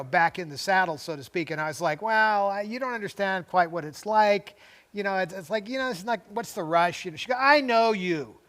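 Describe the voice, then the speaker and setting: Older man, high-pitched voice, rambling casual storyteller, chuckling, tangents and restarts. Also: fairly bright tone. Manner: chuckles between phrases. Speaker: co-host.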